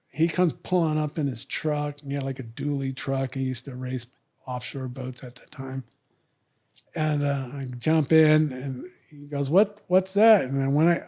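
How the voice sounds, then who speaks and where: An older man telling a long, rambling story as a podcast guest, jumping into the voices of the people in it and trailing off quietly at the ends of asides. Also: fairly high pitch. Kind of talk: casual storytelling.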